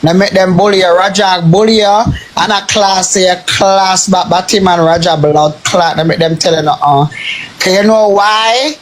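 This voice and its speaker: A high-pitched man with a Jamaican accent rants heatedly and repetitively on a phone live stream at normal speed. The social media streamer swears heavily throughout.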